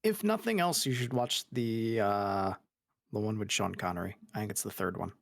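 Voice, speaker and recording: A man's voice: lowish voice, steady tone, moderate pace, gravelly, fairly bright tone, no echo, studio quality. A man chatting casually on a game stream, chuckling often and patiently explaining puzzles. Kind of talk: casual gaming chat.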